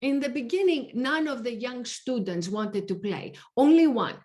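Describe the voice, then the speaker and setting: A woman reading a theatre teacher's testimony in a measured, reflective manner for a verbatim theatre reading. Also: fairly high pitch, expressive, darkish tone, close to an everyday voice. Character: woman theatre teacher recalling her students.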